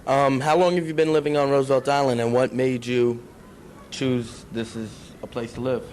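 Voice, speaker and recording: A man's voice: mid-range voice, flat delivery, normal speed, darkish tone, a little hiss or hum. A young man asking brief, plain interview questions.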